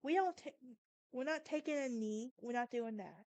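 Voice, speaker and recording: Southern woman with a sassy, emphatic delivery, high voice, dry close sound. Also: normal speed, a little mellow, no echo. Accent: Southern American. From Southern United States. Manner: sassy, emphatic, talks straight to the listener. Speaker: podcast host. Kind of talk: casual monologue.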